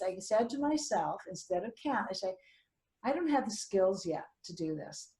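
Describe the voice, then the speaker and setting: A middle-aged woman co-hosting a talk show, telling a personal story in a lively way and acting out what she said back then. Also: medium pitch, moderate pace. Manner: animated, self-quoting, restarts mid-sentence. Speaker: co-host. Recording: roomy echo.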